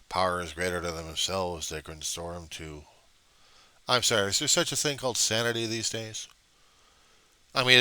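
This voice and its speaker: A man's voice: sits low, sharp tone. A man in a rambling, profane and sarcastic rant, recorded on a webcam at home.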